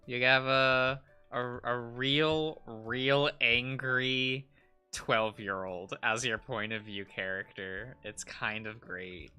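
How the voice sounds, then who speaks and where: Man, streamer, rambling, giggly, bright voice, faint music. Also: mid-range voice, slow, clear, resonant tone. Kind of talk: casual chat while drawing on stream.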